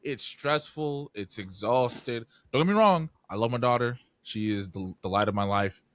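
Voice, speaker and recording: A young man co-hosting a podcast, telling animated stories in casual chat, swearing freely and acting out voices. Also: mid-range voice, normal speed, no echo. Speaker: podcast co-host.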